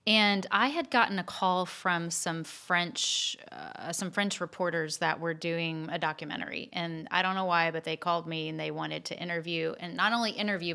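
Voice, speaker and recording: A woman co-hosting a podcast, telling a story in a lively, chatty way with frequent fillers and restarts. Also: lowish voice, smooth. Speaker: podcast co-host telling stories. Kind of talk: casual storytelling chat.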